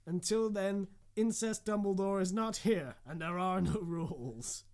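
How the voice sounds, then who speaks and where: A man voicing a laid-back, cheery skeleton professor who talks loudly and excitably. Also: high-pitched, measured pace, voice pushed up. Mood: reassuring.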